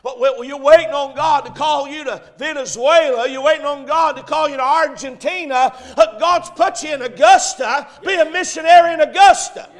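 A man preaching a sermon in a church, swinging between hushed lines and shouted ones. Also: very high voice, normal speed, hardly any pauses. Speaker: pastor. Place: church sanctuary.

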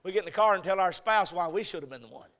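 Man, pastor preaching, high pitch, smooth ringing voice, impassioned, repetitive phrasing. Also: lively intonation, very fast. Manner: impassioned preaching, swinging from hushed to shouting. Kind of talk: sermon.

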